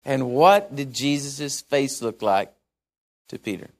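A man's voice: medium pitch, animated, takes it slowly. A man preaching a sermon in a conversational way, musing aloud and often correcting himself.

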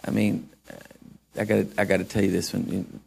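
A man's voice: on the low side, flat delivery, normal speed, gravelly, a little mellow, slight background noise. A man preaching a sermon in a folksy way, with asides to the congregation. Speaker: pastor.

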